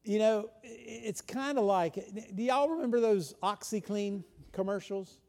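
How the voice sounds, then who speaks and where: A man preaching a sermon in a conversational way, asking frequent rhetorical questions and swinging from loud to hushed. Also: sits high, measured pace, creaky. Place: church.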